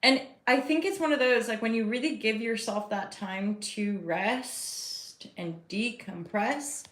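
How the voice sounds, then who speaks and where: A woman's voice: a little high, a little slow, fairly bright tone. Rambling, chatty tarot-reading woman in an echoey room. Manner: rambling, chatty, spiritual talk to viewers. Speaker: tarot reader and host. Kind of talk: casual live tarot reading. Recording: roomy echo.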